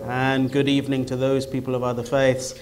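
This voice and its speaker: A man's voice: mid-range voice, completely flat delivery, a little fast, crowd noise. A man chairing a live debate, introducing it with wry, teasing jokes and many hesitant fillers.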